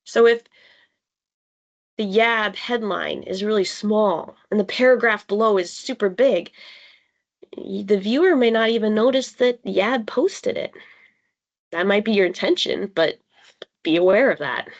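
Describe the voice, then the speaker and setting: Woman facilitator, easygoing conversational teacher, mid pitch, uses pauses for emphasis, video-call sound. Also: dull audio. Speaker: workshop facilitator. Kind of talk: teaching a live online design workshop.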